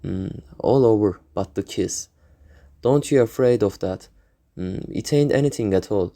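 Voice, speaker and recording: A man reading the part of a bold, mischievous schoolboy, pausing with small hums. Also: lowish voice, warm tone, dry recording, clean studio sound. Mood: pleading. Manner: reads with hesitant hums.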